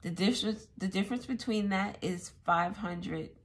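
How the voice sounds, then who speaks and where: A woman giving a casual tarot reading, thinking out loud as she goes. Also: mid-range voice, moderate pace. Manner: musing aloud, thinking out loud. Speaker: tarot reader.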